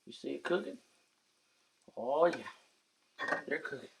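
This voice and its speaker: A man's voice: a little high, very animated, a little slow, gravelly, slight background noise, rough recording. A middle-aged man hosting a casual home cooking demo, chatty and folksy, talking to viewers as guys. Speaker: cooking show host. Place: home kitchen.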